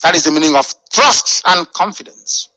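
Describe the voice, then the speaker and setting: A man's voice: a little high, lively intonation, normal speed, sharp tone, no echo, poor audio. A man delivering a fiery, scornful radio address full of rhetorical questions. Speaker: radio broadcaster.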